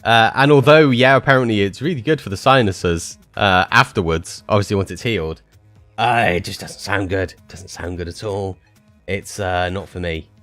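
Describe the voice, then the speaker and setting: A man's voice: on the low side, normal speed, fairly bright tone, dry recording, soft background music. A man chatting casually with his live-stream viewers, rambling with many fillers and restarts.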